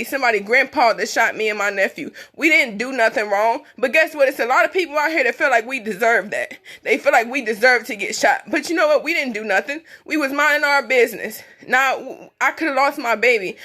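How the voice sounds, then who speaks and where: A woman's voice: high-pitched, bright, forceful tone. A young woman in her twenties, speaking in on a phone livestream, blunt and emphatic, and tearful as she talks. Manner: blunt, emphatic, repetitive, speaking through tears. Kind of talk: emotional personal livestream monologue.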